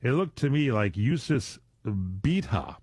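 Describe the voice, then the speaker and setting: A male radio host talks into a studio mic in a loose, joking way and wanders off on tangents. The sound is dry and close, with no room echo. His pitch sits at an ordinary middle level. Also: sing-song, slow, darkish tone, husky. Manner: jokey, rambling, drifts into digressions. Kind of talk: casual live radio chat. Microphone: studio microphone.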